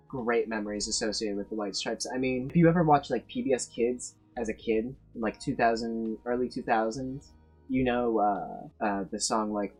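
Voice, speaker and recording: A man in his twenties with a husky, mid-range voice makes a tier list video, delivering blunt, emphatic, profane opinions in a casual ranking monologue full of restarts.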